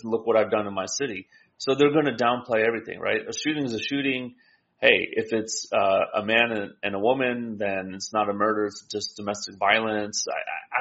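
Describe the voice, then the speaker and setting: A man's voice: lowish voice, fairly bright tone, highs cut off. A man co-hosting a political talk show, explaining his views steadily and often ending with a tag question. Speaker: co-host.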